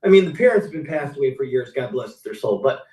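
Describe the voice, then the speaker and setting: A man's voice: mid-range voice, expressive, fast talker, crowd noise. A middle-aged man, a car sales veteran, telling stories casually on a live stream and acting out his customers' lines. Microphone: video call. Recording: roomy, distant mic.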